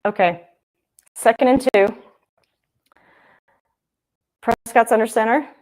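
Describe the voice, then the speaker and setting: A young woman talks her way through a live football broadcast. She rambles and thinks out loud and keeps circling back to the action on screen. She sounds like a casual livestream host. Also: on the high side, slow. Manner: chatty and rambling, thinking aloud. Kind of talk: casual live game commentary.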